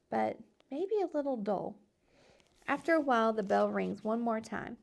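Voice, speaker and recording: A woman teacher reads a children's chapter book aloud to her class. Her voice sits fairly high with a gravelly, fry-laced edge. She tells the story expressively, with playful touches. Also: a little mellow. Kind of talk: reading a children's novel aloud.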